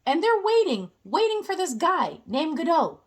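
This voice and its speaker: A woman's voice: very high-pitched, very animated, moderate pace. A young woman giving a casual, playful explainer with jokey asides.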